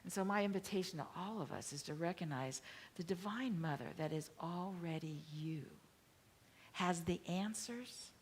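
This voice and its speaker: A woman minister delivers a sermon in a fairly low voice. She speaks softly and reflectively, at times almost whispering. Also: slight background noise.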